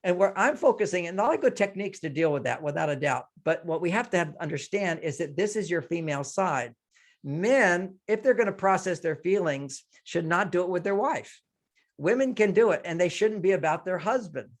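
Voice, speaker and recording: A man's voice: high-pitched, moderate pace. A man being interviewed as a guest expert, talking animatedly and often acting out conversations. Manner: animated, acts out dialogues in changing voices. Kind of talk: interview answer, explaining relationship advice.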